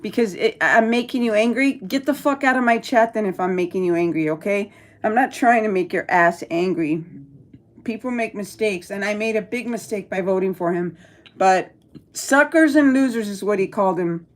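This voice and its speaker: A woman's voice: medium pitch, normal speed. A middle-aged woman from El Paso, Texas, hosting a casual live stream, reading chat aloud and answering bluntly with plenty of swearing. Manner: blunt, profane, talks back to chat. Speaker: livestream host reading chat.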